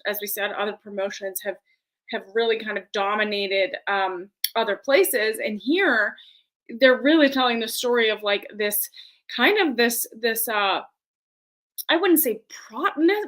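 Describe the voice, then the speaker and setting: A woman's voice: fairly high pitch, a bit bright, rough recording. A woman on a wrestling aftershow panel, talking casually and searching for her words as she goes. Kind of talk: casual chat.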